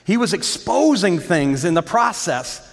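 A man's voice: high voice, sing-song, a little slow, vocal fry, big-room sound. A male pastor preaching a sermon with fervour, repeating phrases and asking the congregation questions.

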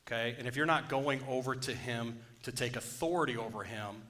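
A man's voice: mid-range voice, brisk, bright, forceful tone. A man preaching a sermon, joking with the congregation and asking for amens. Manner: joking, call-and-response preaching. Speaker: pastor.

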